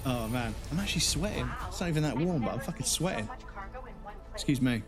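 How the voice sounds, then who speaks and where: A man's voice: fairly high pitch, expressive, fairly quick. Swearing, rambling male game streamer. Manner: rambling, swears a lot, laughs while telling stories. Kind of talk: casual live-stream chat while gaming. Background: game music.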